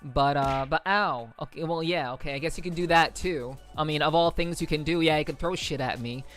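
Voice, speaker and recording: Rambling man streamer, slightly high voice. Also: brisk, fairly bright tone, soft background music. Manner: rambling and playful, many fillers and repeats. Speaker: VTuber streamer. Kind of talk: casual live-stream chat with viewers.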